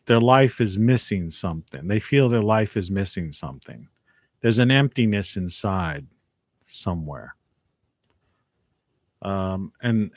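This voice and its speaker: A man with a lowish voice talks through a casual live-stream monologue at home. He rambles and reflects, circling back and trailing off. The sound is dry and close, with no room echo. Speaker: live video host.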